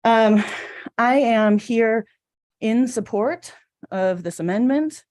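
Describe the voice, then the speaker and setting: A woman's voice: a little high, takes it slowly, darkish tone. Earnest woman speaking at council. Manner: earnest, emotional, a little choked up. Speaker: resident giving public comment. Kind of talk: public comment at council meeting. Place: city council chamber.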